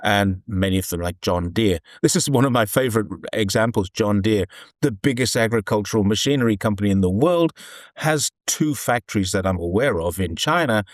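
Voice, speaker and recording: A UK-born commentator living in China explains his views in a rambling, earnest conversational discussion, often restarting his sentences. His medium-pitched voice is animated and moderately paced, recorded dry in clean studio sound.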